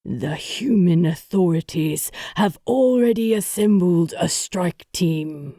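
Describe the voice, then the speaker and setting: A woman reading an audiobook, voicing an ancient, grizzled male boatman god of the dead with a deep voice and grave, commanding delivery. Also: takes it slowly, dark tone. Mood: solemn command.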